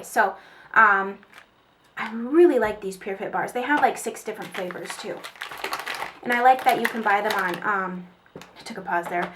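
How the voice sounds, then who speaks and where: A woman's voice: mid-range voice, a bit bright, slight background noise. A woman chatting casually through a product haul, rambling with fillers and small laughs. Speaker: beauty vlogger. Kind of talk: casual haul video chat.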